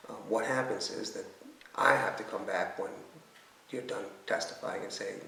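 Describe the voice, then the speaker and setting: A man's voice: lowish voice, normal speed, vocal fry, sharp tone. A middle-aged man, a lawyer, patiently explaining to clients how to testify at a hearing and acting out sample answers. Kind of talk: instructional talk to clients. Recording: echoey room, distant mic, faint hiss.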